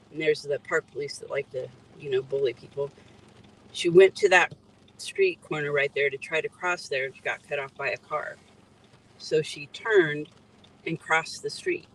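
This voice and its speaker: A woman's voice: sits low, low-quality recording. A middle-aged woman, an EMT and grieving mother, earnestly recounting details and pointing out spots from a parked car by the road. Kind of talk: emotional first-person account at a roadside.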